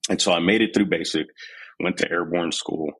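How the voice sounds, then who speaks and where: A man's voice: sits low, moderate pace, breathy edge, poor audio. A man in his forties from Texas, a podcast guest and army veteran, telling his story candidly and with animation in an interview. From San Antonio, Texas. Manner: candid, animated retelling with quoted voices.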